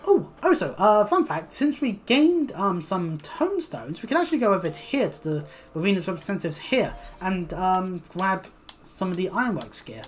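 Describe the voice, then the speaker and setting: A woman streamer talks her way through a game in loose, rambling commentary full of fillers and half-finished thoughts, often trailing off quietly. Her voice sits at a middling pitch, with soft game music underneath. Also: sing-song, moderate pace. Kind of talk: casual gameplay commentary.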